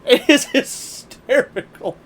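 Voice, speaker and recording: A man's voice: takes it slowly, slight background noise. A man streaming live, chatting casually and telling stories with lots of laughter. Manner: laughs often, animated storytelling.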